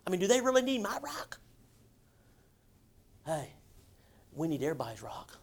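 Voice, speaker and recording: A male pastor delivers a sermon. His voice sits high, and his folksy, emphatic delivery builds to shouts at times. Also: sing-song, moderate pace.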